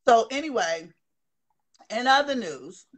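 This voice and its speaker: Brief: high-pitched female host, opinionated gossip chat on a live stream. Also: lively intonation, a little slow. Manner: opinionated, chatty, addresses viewers. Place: indoors, hot room.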